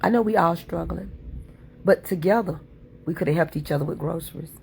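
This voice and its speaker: A woman's voice: on the low side, fairly quick, vocal fry, darkish tone, a little hiss or hum. A woman livestream host talking in a fervent, preachy way, repeating her points over and over. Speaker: livestream content creator. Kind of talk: impassioned livestream talk.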